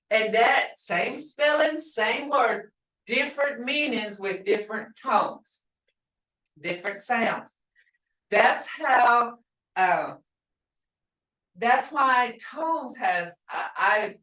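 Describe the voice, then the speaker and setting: A woman teaching a language class, taking her time and repeating each word so the tones come through. Her voice sits a little high. She sounds distant from the mic, in a room with a lot of echo. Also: fairly bright tone. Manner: patient, repeats words to stress tones. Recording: echoey room, voice from far off.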